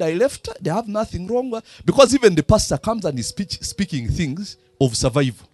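Lively Ugandan man preaching. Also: high voice, normal speed, slightly rough, no room sound. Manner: rhetorical fill-in questions to the congregation. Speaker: pastor. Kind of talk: sermon.

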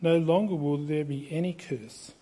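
A man reads scripture to his congregation in a church, his voice fairly high for a man yet mellow and warm. He keeps a measured, steady pace, giving each phrase its weight. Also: husky. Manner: measured, steady reading aloud. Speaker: pastor. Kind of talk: scripture reading in a church service.

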